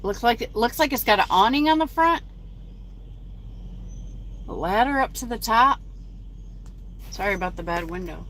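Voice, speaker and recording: A woman's voice: a little high, lively intonation, normal speed, pauses often, fairly bright tone. A woman truck driver chatting casually on a phone live stream from her cab at a truck stop, reading viewer comments aloud.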